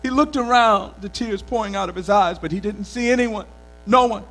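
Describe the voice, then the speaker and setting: A male storyteller from Mali telling a folk tale in an expressive, dramatic way at a live event. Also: high-pitched, normal speed, poor audio. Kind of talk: oral storytelling performance. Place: country club event.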